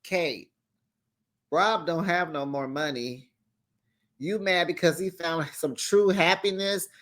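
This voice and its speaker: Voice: mid-range voice, unhurried, fairly bright tone. Sassy recap host talking to viewers. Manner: sassy, talks straight to viewers, acts out quoted lines; laughs readily between remarks. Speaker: reality TV recap channel host. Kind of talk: casual episode recap vlog.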